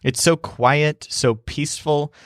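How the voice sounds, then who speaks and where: A man's voice: on the high side, slow, dry recording. Male language teacher, scripted storytelling narration, careful over Spanish words, dry close sound. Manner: calm, clear, pronounces Spanish words carefully.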